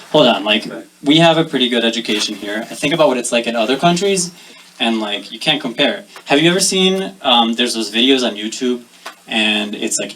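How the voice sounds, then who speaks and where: A young man doing a deadpan stand-up set, pausing often with ums. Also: medium pitch, far from the mic. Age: young adult. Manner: deadpan, halting with many ums. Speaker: stand-up comedian. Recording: noisy live recording.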